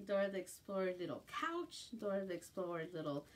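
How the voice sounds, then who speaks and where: A woman's voice: medium pitch, big pitch swings, fairly quick. A middle-aged woman selling jewelry on a live stream from home, chatting casually and sometimes cooing in baby talk. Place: home at night. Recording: distant phone mic with faint room noise.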